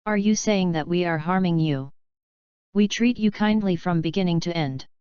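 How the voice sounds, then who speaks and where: A woman's voice: fairly low pitch, moderate pace, a little mellow, smooth, dry recording, lightly acted. Woman reading as an old village chief. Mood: indignant. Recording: dull lo-fi dry recording.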